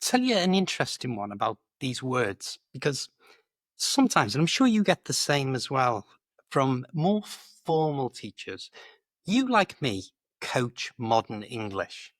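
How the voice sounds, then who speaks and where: A man who coaches English, chatting in a lively, animated way about British expressions, laughing easily and often saying "do you know". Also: mid-range voice, a little slow, no echo, studio quality.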